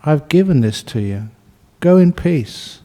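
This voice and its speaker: A man voicing a kind, generous male abbot who calmly speaks to a burglar in a told story. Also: on the high side, unhurried. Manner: gentle, patient, offering.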